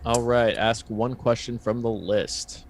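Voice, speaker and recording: Dude gm-ing a tabletop game, casual rambling narration, faint noise behind. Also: male voice, mid-range voice, fairly even intonation, a little slow. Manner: loose, conversational, many fillers. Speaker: game master.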